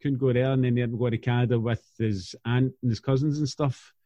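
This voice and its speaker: A host chatting bluntly and swearing freely, in a mellow, warm-toned voice. The recording is dry and a bit dull and lo-fi, as if cut off at the top. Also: male voice, medium pitch, fairly even intonation, quick pace, no echo. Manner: blunt and sweary, friendly banter. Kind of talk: casual podcast chat.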